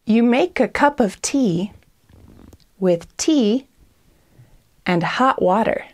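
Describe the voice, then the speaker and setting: Very slow American woman teaching English. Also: on the high side, animated, a little mellow. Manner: very slow, deliberate, explains pronunciation. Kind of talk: beginner language lesson.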